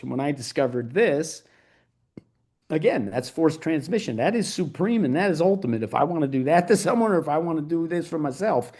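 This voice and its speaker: A man's voice: on the high side, gravelly, darkish tone. A middle-aged man as an interview guest, talking in a fired-up, emphatic and profane way. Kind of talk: podcast interview.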